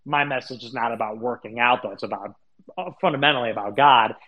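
A man's voice: medium pitch, fast talker, highs cut off. A man talking in a casual podcast chat as an online commentator, rambling and crude, with lots of fillers.

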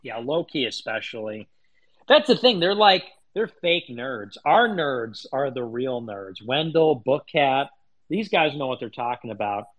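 A man's voice: mid-range voice, animated, a little slow, dull audio. A man talking in a casual podcast chat as an online commentator, rambling and crude, with lots of fillers.

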